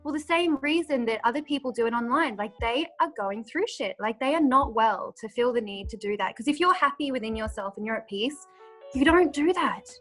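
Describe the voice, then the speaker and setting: A woman's voice: on the high side, expressive, brisk, fairly bright tone, soft background music. A woman hosting a casual podcast, speaking frankly and reflectively. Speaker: podcast host. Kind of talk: casual chat.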